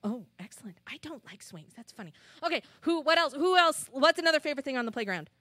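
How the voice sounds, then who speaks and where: A woman telling a children's story at church, animated and chatty with the kids, into a handheld mic. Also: high-pitched, quick pace, no room sound. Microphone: handheld microphone.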